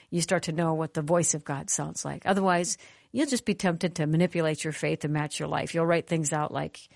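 Woman sermon speaker, lowish register, lively storytelling, dry sound. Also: brisk, gravelly, no echo. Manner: animated, conversational, calls for amens. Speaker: conference speaker.

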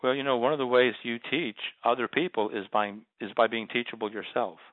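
A man who is a guest author on a radio show, speaking in a measured, thoughtful way with frequent ums. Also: mid-range voice, no room sound. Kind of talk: radio interview over the phone. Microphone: phone. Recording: tinny phone line.

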